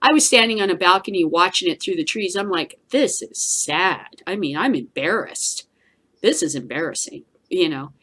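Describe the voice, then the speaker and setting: A woman's voice: fairly low pitch, lively intonation, moderate pace, a bit bright, slightly rough. A middle-aged woman hosting her own news vlog, ranting casually, swearing and laughing often. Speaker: host of a daily news vlog. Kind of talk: casual profane rant.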